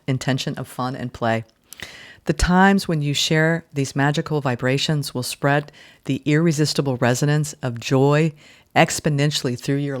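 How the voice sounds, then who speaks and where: A woman giving a casual tarot reading. She is emotional and effusive, exclaiming and repeating phrases as she reads card text aloud. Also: extremely low pitch. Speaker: tarot reader.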